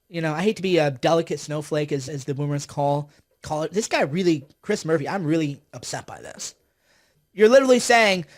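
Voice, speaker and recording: High-voiced man in a heated political rant. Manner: heated, sarcastic, repeats himself. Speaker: political commentator. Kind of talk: live-stream political rant.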